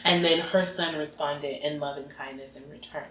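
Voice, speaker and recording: A woman working as a behavior analyst, telling stories in an earnest, animated way during a casual conversation. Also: low voice, normal speed. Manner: animated, earnest, faith-filled storyteller. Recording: roomy echoey room.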